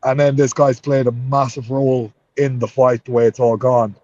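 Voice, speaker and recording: A man's voice: medium pitch, little pitch movement, moderate pace, a little mellow, no echo, muffled recording. A man with an Irish accent, a fighter in an interview, talking heatedly and swearing a lot. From Ireland. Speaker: MMA fighter.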